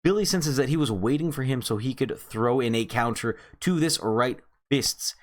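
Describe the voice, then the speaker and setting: A man's voice: medium pitch, moderate pace. A man reviewing a comic chapter in a casual recap, telling the story with animation and calling his viewers friends.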